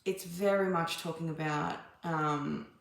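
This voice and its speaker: A woman tarot reader talks casually in a low, gravelly voice, drifting between thoughts with frequent ums and restarts. The room has a noticeable echo around her. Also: fairly even intonation, measured pace. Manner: meandering, many ums and restarts. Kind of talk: casual spiritual channeling monologue. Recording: echoey room.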